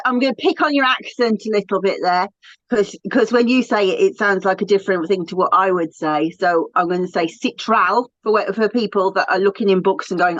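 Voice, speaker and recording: A woman's voice: mid-range voice, dry recording, dull audio. A woman with a British accent, co-hosting a casual chat in a chatty, enthusiastic way. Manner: chatty, enthusiastic, self-talking asides. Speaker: podcast co-host.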